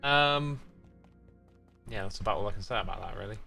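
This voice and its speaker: A man's voice: lowish voice, a little fast, gravelly, sharp tone, faint music behind. A man hosting a casual gaming livestream, reading chat messages aloud and answering them in a playful, teasing way. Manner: playful, teasing fake sign-offs. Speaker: livestream host.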